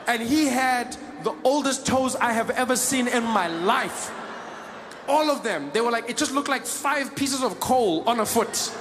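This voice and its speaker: South African male comic, fairly high voice, lively storyteller, live crowd audible. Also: fairly quick. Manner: animated storytelling. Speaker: stand-up comedian. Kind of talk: stand-up comedy. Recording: live stand-up with noisy crowd.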